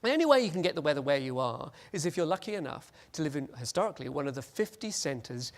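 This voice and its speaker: A man giving a lively, joking conference presentation and acting out little scenes. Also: fairly high pitch, fast talker. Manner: animated, jokey, acts out scenes. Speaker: conference speaker.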